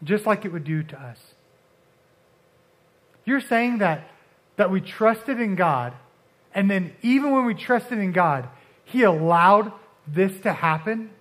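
A man preaching a casual, conversational sermon, often restarting and dropping suddenly soft for emphasis. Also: sits high, animated, slow pace, pauses often. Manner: conversational, uses filler like and restarts, dramatic drops to soft.

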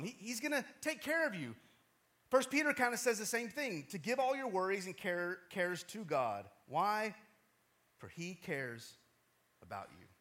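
A pastor with a bright, high-pitched voice tells a story during his sermon, his voice lively and widely swinging. He's animated and chatty, repeatedly checking in with the congregation.

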